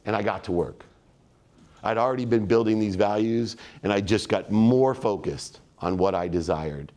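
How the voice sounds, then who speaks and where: A man's voice: on the low side, moderate pace, a little mellow. A man giving a motivational keynote speech, telling stories in an emphatic, repetitive way. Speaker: guest keynote speaker.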